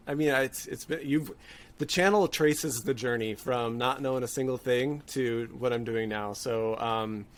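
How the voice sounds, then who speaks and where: A man being interviewed as a guest on a podcast, talking in a thoughtful, halting way with frequent restarts. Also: medium pitch. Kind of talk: casual interview chat.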